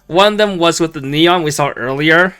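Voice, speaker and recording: A man's voice: on the high side, moderate pace, fairly bright tone, clean tone. A man with a Canadian accent co-hosting a card review show, explaining rulings in casual chat and often restarting his sentences. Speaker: co-host reviewing cards.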